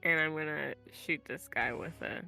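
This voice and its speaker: A woman playing in a tabletop game, enthusiastic and quick to exclaim. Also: low-pitched, gravelly, pushed and bright, soft background music. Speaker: player. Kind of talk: casual tabletop game chat.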